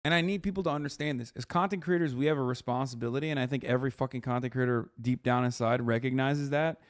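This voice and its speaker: A man's voice: mid-range voice, fast talker. Exasperated man ranting on stream. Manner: exasperated, swearing, rants. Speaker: streamer reacting to clips. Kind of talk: casual reaction commentary.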